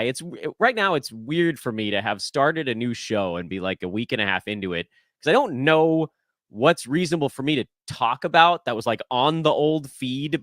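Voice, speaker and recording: A man hosting a podcast in casual chat, animated, laughing easily and poking fun at himself. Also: mid-range voice, dry recording, studio quality. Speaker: podcast host.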